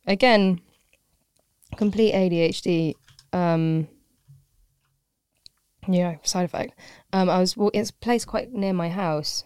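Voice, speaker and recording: A woman's voice: on the low side, takes it slowly, pauses often, a little mellow, clean tone, no echo. A woman who teaches pottery, chatting casually as a podcast guest in a rambling, self-deprecating way with frequent laughs.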